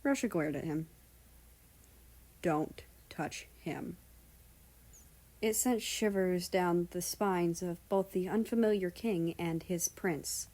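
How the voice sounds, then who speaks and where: A woman narrates a fan fiction story in an even, storytelling voice. Her pitch sits low for a woman and stays steady. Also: unhurried, hardly any pauses, rough recording. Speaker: story reader. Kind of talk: reading fan fiction aloud.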